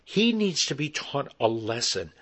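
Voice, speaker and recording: A man's voice: medium pitch, sing-song, a little slow, a bit bright, slightly rough, pitched above the performer's own voice, exaggerated voice. A man voicing a frightened young woman who is pleading breathlessly after a car crash. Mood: indignant.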